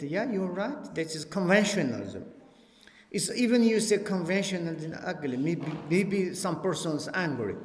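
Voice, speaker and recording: High-voiced man teaching in an echoing hall. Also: a little slow. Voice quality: non-native broken English. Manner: lively, laughing, acts out dialogues. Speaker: Buddhist teacher. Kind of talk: dharma teaching at a retreat. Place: retreat hall. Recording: echoey hall, long reverb.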